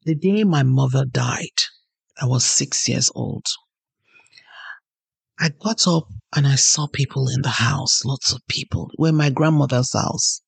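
A woman's voice: a bass voice, measured pace, creaky, husky, no room sound. A woman hosting a podcast, giving an earnest motivational talk and telling personal stories. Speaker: podcast host.

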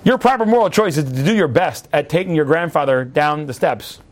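A rabbi leads a class in a high, light voice. He talks in quick bursts, then slows down to act out little scenes, leaping up in pitch when he plays someone yelling. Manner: lively storyteller, acts out yelling at a TV. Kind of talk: animated classroom teaching.

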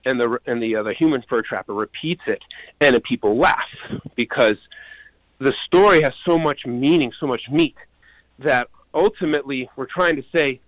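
A man's voice: mid-range voice, moderate pace, a bit bright, no room sound, low-quality recording. A man who is a puppeteer and show creator, explaining his work earnestly and enthusiastically as an interview guest.

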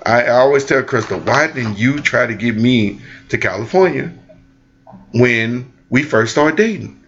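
A man's voice: unhurried, highs cut off. A man from the Midwest, a father telling family stories in casual chat and acting out the voices he quotes. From American Midwest. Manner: animated, acts out quoted voices with big pitch jumps. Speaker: father and co-host.

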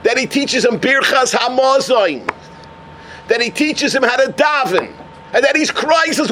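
A man teaching a Torah class as a lively storyteller who mixes in Yiddish and Hebrew terms. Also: extremely high pitch, a little slow.

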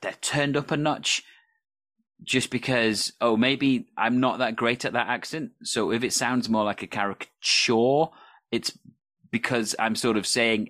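A man who performs improv, speaking with earnest, emphatic enthusiasm. His voice sits on the lower side, and the recording is dry and close. He talks in a conversational podcast style. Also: fairly even intonation, unhurried, fairly bright tone, dry recording. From United Kingdom. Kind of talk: conversational discussion.

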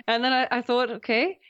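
A woman's voice: medium pitch, moderate pace. A woman being interviewed about her work, talking casually with frequent laughs and restarts. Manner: laughs often, many restarts and fillers. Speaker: guest, science communicator. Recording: slightly dull lo-fi audio.

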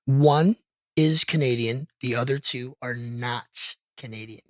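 A man's voice: medium pitch, a little slow, no room sound. A man co-hosting a podcast, running a playful quiz and teasing his co-host in casual chat.

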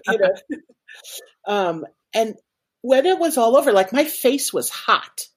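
A woman's voice: fairly high pitch, expressive, unhurried, husky. A woman guest in an interview, telling a personal story animatedly with many fillers. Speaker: guest, organization president.

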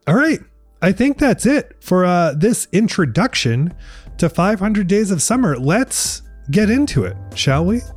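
A man co-hosting a podcast about movies and feelings, talking in a relaxed, chatty way with filler words. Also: high voice, a little slow, husky, soft background music. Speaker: podcast co-host. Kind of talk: casual podcast chat.

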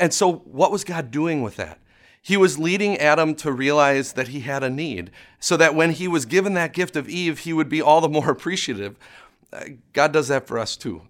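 A man's voice: fairly high pitch, a bit bright. A man preaching a conversational sermon, often restarting words and chuckling as he talks.

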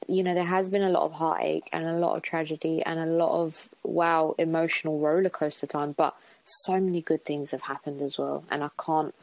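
A young woman with a low, deep voice talks openly and from the heart as a podcast guest. She loops back with fillers and restarts, and the sound is close and dry, with no room behind her. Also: steady tone, fairly quick, darkish tone, dry recording, low-quality recording. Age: young adult. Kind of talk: reflective podcast conversation.

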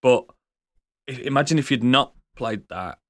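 A man's voice: mid-range voice, normal speed, fairly bright tone, no echo, studio quality. A man chatting on a podcast, blunt and jokey. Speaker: podcast co-host. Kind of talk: casual podcast chat.

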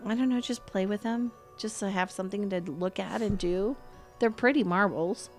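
A woman's voice: medium pitch, moderate pace, faint music behind. A woman playing a tabletop game, eager and playfully bossy, partly in character. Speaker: player.

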